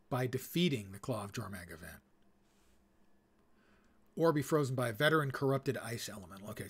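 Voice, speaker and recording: A man's voice: medium pitch, husky. A man streaming a game live, chatting casually with wry humor and muttering to himself as he reads. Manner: wry and chatty, mock-judging player names. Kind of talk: casual gameplay commentary.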